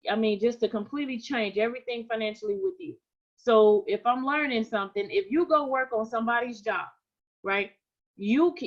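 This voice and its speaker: A woman's voice: on the high side, highs cut off. A woman teaching forex trading in a live stream, talking conversationally, repeating her points and often checking in with "right?". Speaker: trading coach.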